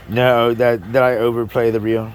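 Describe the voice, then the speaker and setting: A man's voice: mid-range voice, a little hiss or hum, low-quality recording. A man doing a stand-up comedy set in a club, rambling, breaking off mid-sentence and laughing at his own jokes.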